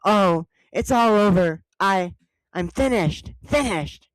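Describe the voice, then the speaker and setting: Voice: expressive, slow pace, no room sound. A game player voicing a distraught young man accused of murder, in a melodramatic, wailing way. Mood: despairing. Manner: melodramatic, high, loud wailing.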